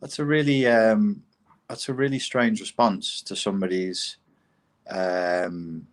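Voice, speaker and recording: A man's voice: lowish voice, fairly even intonation, takes it slowly. A man in casual conversation, blunt and profane, mocking opinions he disagrees with.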